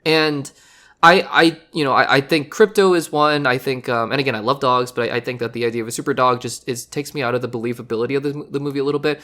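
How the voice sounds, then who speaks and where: A hoarse podcast host talks through movie news in a casual, rambling way. The voice sounds worn after recently being lost, and the host often doubles back on words and repeats phrases. The delivery stays earnest throughout. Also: medium pitch, steady tone, fast talker, fairly bright tone. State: hoarse from recently losing their voice.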